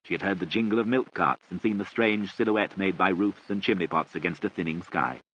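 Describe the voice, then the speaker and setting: A man reading a novel aloud in a measured, expressive storytelling manner. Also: low voice. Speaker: audiobook narrator. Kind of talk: scripted narration. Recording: muffled recording with faint hiss.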